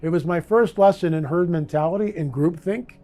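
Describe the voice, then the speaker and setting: A man with a slightly raised, mellow voice tells a story with animated energy. He acts out the voices in his anecdote, with faint music behind. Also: fairly high pitch, brisk. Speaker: interviewee. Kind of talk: casual storytelling.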